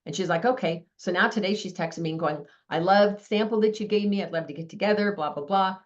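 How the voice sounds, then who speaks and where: A woman's voice: mid-range voice, fast talker, lo-fi sound. A woman hosting a group call who tells stories chattily and acts out the dialogue. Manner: chatty storyteller acting out dialogue. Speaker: meeting host. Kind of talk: casual group sharing.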